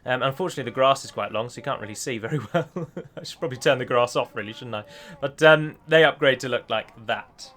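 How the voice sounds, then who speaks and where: A man's voice: mid-range voice, quick pace, fairly bright tone. A man giving a chatty gameplay voice-over as a mod developer, often correcting himself as he explains.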